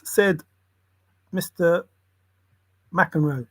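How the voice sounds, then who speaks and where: A man's voice: fairly high pitch, slow, long pauses, a bit bright, no echo. A man hosting a livestream, muttering loose word associations and breaking into bits of song. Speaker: livestream host.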